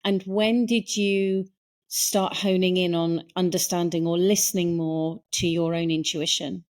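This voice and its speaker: A woman hosting a casual conversation, animated and playful with her analogies. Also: lowish voice, unhurried. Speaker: podcast host.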